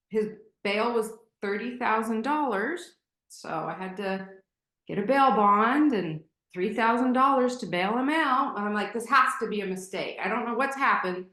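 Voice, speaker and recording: Slow-talking woman in an echoey room. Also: mid-range voice, a bit bright. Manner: candid, emotional, many fillers and restarts. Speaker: podcast guest. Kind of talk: personal storytelling in conversation. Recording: roomy echo.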